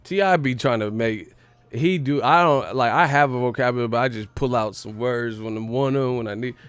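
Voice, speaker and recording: A man's voice: mid-range voice, brisk, fairly bright tone, smooth, dry recording, soft background music. Profane, incredulous man ranting on a livestream. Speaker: livestream host. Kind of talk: comedic livestream rant.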